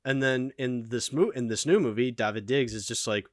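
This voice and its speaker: A man's voice: medium pitch, moderate pace, few pauses, no room sound, studio quality. A man hosting a casual film discussion, opinionated and full of fillers. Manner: animated, opinionated, lots of fillers. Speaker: channel host.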